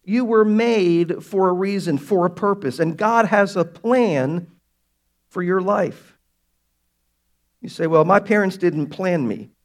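A man pastor preaching a sermon to his congregation, emphatic and slowing down to stress key words. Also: sits high. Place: church sanctuary.

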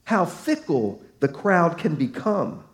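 A man preaching to his church in a high, light voice. He speaks with emphasis, pushing key lines louder and letting others fall soft. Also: sing-song, takes it slowly. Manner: emphatic preaching, voice swelling and dropping, acting out crowd quotes. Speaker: pastor. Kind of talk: sermon.

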